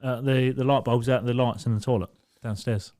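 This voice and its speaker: A man's voice: medium pitch, brisk. A man, a nightclub doorman, chatting casually on a podcast, swearing and laughing as he tells stories. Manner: swearing, laughing, animated storyteller.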